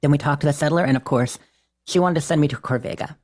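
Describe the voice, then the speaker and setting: Recapping a game session casually, a podcast co-host talks quickly in a medium-pitched, somewhat mellow voice. He or she stays self-deprecating and relaxed, laughing often.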